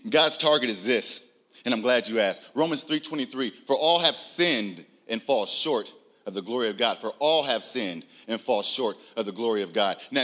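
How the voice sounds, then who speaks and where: A man preaching a sermon, emphatic, swinging from loud, raised lines to low, quiet ones and asking the audience rhetorical questions. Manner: emphatic, rising loud on key lines, drops low and soft.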